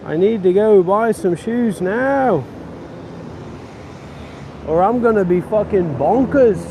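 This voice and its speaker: A man's voice: high voice, expressive, slow, dark tone, poor audio. A man playing a drunk, foul-mouthed, belligerent bloke who speaks, slurring and rambling out in the street. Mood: frustrated. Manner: slurred, swearing, rambling threats. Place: street outdoors. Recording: outdoor street traffic noise.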